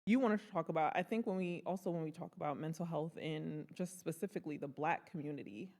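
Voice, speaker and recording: A woman's voice: deep voice, quick pace. A woman co-hosting a podcast, talking in a casual, earnest and reflective way about friendship and grief. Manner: earnest, reflective, drops to soft tones on grief. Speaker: podcast co-host. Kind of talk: casual heartfelt chat. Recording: echoey room with long reverb.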